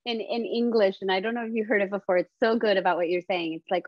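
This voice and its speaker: A woman's voice: mid-range voice, quick pace, no echo. Earnest woman, dull lo-fi sound. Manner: earnest, reflective, acts out inner voices in quotes. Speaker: guest, business founder. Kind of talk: casual interview conversation.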